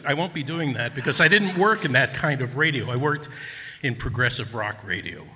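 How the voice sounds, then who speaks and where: A man in his sixties with a New Jersey accent, telling a personal story live to an audience in a hall, chatty and self-deprecating with halting ums. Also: medium pitch, lively intonation, pushed and bright. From Newark, New Jersey. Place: neighborhood center hall. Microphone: stand microphone. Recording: long hall reverb.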